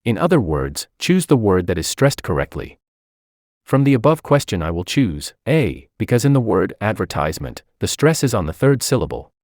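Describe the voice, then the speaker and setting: A man with a very low voice reads a scripted exam tutorial, listing rules and example words in turn. His pitch swings widely as he reads. The recording is dry and close, with no room sound. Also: big pitch swings, moderate pace, a little mellow, no room sound. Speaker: English language tutor. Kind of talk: scripted instructional reading.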